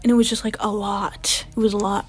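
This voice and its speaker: A woman's voice: medium pitch, little pitch movement, fairly quick, breathy edge. A young woman vlogger telling a personal storytime in a casual, chatty way, full of "like" fillers, sometimes dropping to a whisper. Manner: chatty, lots of "like" fillers, drops to whispers when reliving panic.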